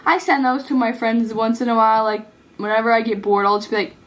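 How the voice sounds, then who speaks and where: A woman's voice: on the high side, steady tone, quick pace. A teenage girl giving casual, earnest advice in a vlog, rambling with many "like"s and restarts. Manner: rambling, earnest, heavy use of "like". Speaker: vlogger.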